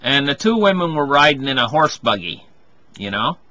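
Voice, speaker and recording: A man's voice: medium pitch, big pitch swings, normal speed, pushed and bright, dull audio, slight background noise. A man giving a rambling monologue, circling back with restarts and frequent asides. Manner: rambling, full of restarts and "you know".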